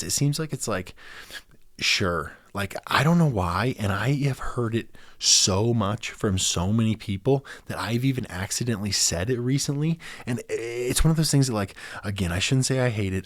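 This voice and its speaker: A man's voice: medium pitch, no echo, clean studio sound. A man hosting his own podcast, rambling through a casual solo rant with lots of stammered restarts and imitated voices. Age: adult father. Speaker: podcast host.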